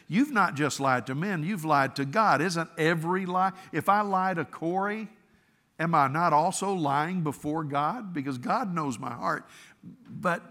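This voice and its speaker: A bright, forceful male pastor preaching in an earnest, conversational way, with a slightly higher voice than most men. He often stammers and restarts his phrases. His voice rings out with a long hall reverb. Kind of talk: sermon.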